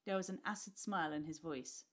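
A woman teacher reading a class novel aloud with expressive storytelling. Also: low-pitched, brisk.

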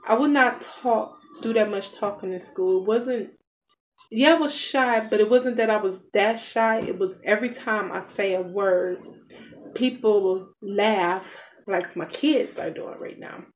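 A woman's voice: medium pitch, measured pace. A woman in her thirties telling a rambling story in casual chat, with asides to her kids, in a noisy home. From United States. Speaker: family vlogger, mother. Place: home basement.

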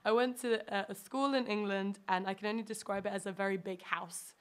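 A woman from Norway chats as a podcast guest, recounting her upbringing in loose, rambling stories full of "um" and "like". Her voice sits at a middling pitch. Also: fairly quick, clean tone. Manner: chatty storytelling with frequent fillers. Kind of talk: casual chat.

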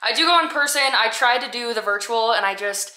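Young woman fitness vlogger, bright and higher-pitched, chatty and upbeat, phone-camera talk. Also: fairly quick, no room sound, poor audio. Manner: chatty, upbeat, lots of "like" and "super". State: out of breath after a workout. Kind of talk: casual vlog talk to camera. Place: outside a gym and at home.

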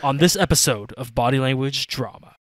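A man's voice: mid-range voice, a little fast, no echo. Man narrating a commentary, dry sound. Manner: even, explanatory voice-over delivery. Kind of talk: scripted narration.

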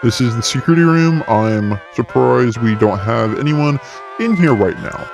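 A man's voice: medium pitch, expressive, moderate pace, gravelly, lo-fi sound, music in the background. A man playing a horror game and joking, talking back sarcastically to the game. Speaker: gaming YouTuber. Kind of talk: let's play commentary.

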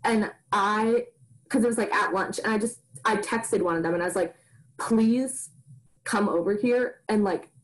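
A woman's voice: mid-range voice, fairly even intonation, normal speed, poor audio. A young adult woman, co-hosting a podcast, telling a personal story in a rambling, casual way, with "like" in nearly every phrase. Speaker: podcast co-host. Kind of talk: casual chat.

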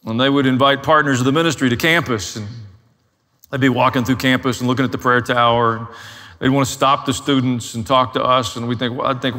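A man's voice: mid-range voice, steady tone, fairly quick, bright, forceful tone, in a large hall. A man preaching a sermon as a pastor, telling his own story in a candid, self-deprecating way.

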